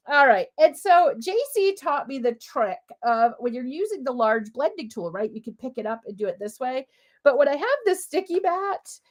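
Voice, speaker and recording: Bubbly, lively woman demonstrating crafts. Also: on the high side. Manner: chatty, bubbly and talkative. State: sniffly with a cough. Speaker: papercraft demonstrator. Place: home craft room.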